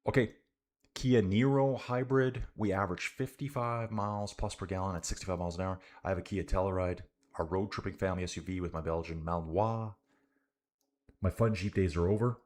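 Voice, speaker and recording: Deep-voiced laid-back Canadian man. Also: steady tone, brisk, a little mellow. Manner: laid-back, says "dude" a lot, chats with viewers. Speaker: cycling livestream commentator. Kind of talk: casual live race commentary and chat.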